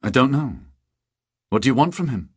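A man reading the lines of a composed young woman who speaks calmly and steadily, in an audiobook. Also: mid-range voice, normal speed, slightly rough, no echo, clean studio sound, pitched above the performer's own voice.

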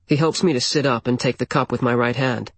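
A man narrates a first-person story, plain and intimate, at a middle pitch. His voice is a touch husky and sits dry and close to the mic. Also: steady tone, a little fast, no echo.

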